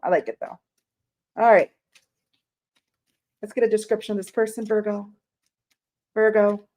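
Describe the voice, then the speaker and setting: A woman's voice: mid-range voice, fairly even intonation, measured pace, warm tone. A middle-aged woman giving a chatty live-stream tarot reading, greeting viewers by name and swearing casually. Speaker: tarot reader.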